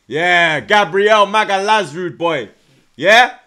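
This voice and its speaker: Young man, live football fan-stream host, brash and taunting, raised voice with a hard bright edge. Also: fairly high pitch, unhurried. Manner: excitable, repetitive, taunting rival fans.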